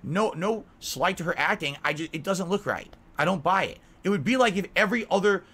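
A man with a bright, fairly high voice reviews a movie off the cuff. He meanders from point to point, repeating himself and circling back without a script. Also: expressive, brisk, slightly rough. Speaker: video reviewer. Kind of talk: rambling unscripted movie review.

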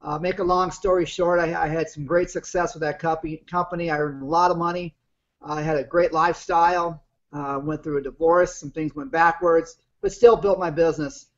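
Speaking fairly quickly in a slightly high voice with fairly even intonation, a man in his fifties shares his personal story as a guest business partner on a webinar. He's plain-spoken and rambling, and the video call sound is muffled and lo-fi.

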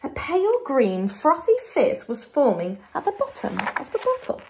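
A woman with an English accent, a primary school teacher, reading a children's book aloud to her class in a clear, expressive storytelling manner. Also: sits high, normal speed, hardly any pauses.

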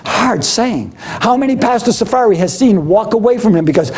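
A man preaching a sermon with animated delivery, moving between loud emphatic lines and quiet, low intensity. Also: moderate pace, few pauses, slightly rough. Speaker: pastor.

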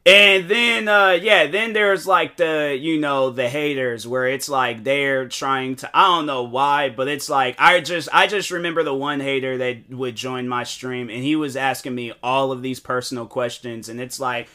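A young man, a content creator, talking casually in a rambling, animated way with many fillers and restarts. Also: mid-range voice, moderate pace, hardly any pauses. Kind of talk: casual monologue.

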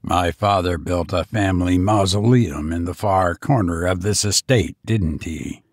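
A man voicing a dying old male banker, his speech low, blunt and commanding. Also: unhurried, no room sound, clean studio sound. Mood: grave.

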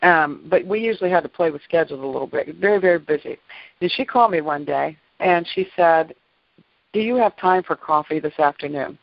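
A woman's voice: low-pitched, brisk, creaky, no room sound. A middle-aged woman hosting a weekly faith series, telling a personal story in an emphatic, chatty way, repeating words and laughing often. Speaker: host of a weekly faith-based dream series. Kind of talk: personal storytelling in a devotional talk. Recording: dull, dry lo-fi sound.

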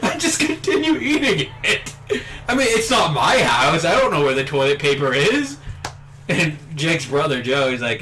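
A man's voice: fairly high pitch, very animated, normal speed, sharp tone. A man telling a funny story in a casual chat over gameplay, often laughing as he talks. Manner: laughs through his own story. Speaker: gaming channel host.

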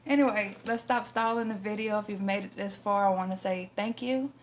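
A woman's voice: fairly high pitch, steady tone, moderate pace, few pauses, a little hiss or hum. A woman vlogger chatting casually through an unboxing, laughing often, using salty language and getting emotional while thanking friends. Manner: emotional, near tears when thanking.

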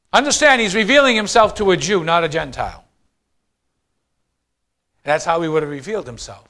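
Pastor preaching, male, high voice, swings between loud declarations and quiet asides, asks the congregation questions. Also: animated, a little fast, long pauses. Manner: addresses the congregation directly with questions. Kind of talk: sermon.

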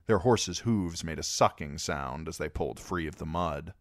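A man narrating a novel as an amateur audiobook reader, expressive and animated. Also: very deep voice, normal speed, no echo, studio quality. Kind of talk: storybook narration.

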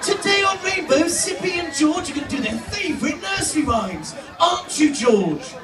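A man's voice: very high-pitched, sing-song, normal speed, music in the background. A man doing a jolly kids' TV presenter. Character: cheery male children's TV presenter. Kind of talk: comic impression in live stand-up. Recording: echoey room, from far off, crowd.

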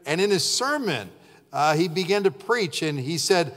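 A male pastor preaches with fervor, his somewhat raised voice ringing with a long reverb through the church. He bursts into shouted, acted-out prayers and then drops back down to a hushed tone. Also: on the high side, animated, moderate pace. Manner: fervent preaching, shouting out acted prayers, swinging from loud to quiet. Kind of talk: sermon. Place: church sanctuary.

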